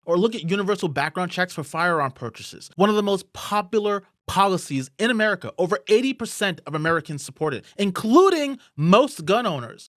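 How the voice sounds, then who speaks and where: A man's voice: sits high, fairly bright tone, no echo, clean studio sound. A man hosting his own political commentary show, delivering a heated monologue full of swearing and angry outbursts.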